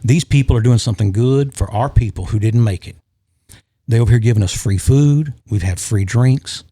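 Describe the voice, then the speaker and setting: A man's voice: mid-range voice, moderate pace, dark tone, husky, no echo, clean studio sound, natural voice. A man voicing an older male neighborhood boss who firmly scolds a crowd. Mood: stern. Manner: firm, scolding lecture.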